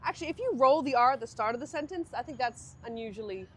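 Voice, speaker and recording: A woman's voice: fairly high pitch, fast talker, slight background noise. A young Australian woman co-hosting a casual sister podcast, chatting and slipping into quoted voices. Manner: lively, jumps into quoted voices. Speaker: podcast co-host. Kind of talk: casual chat.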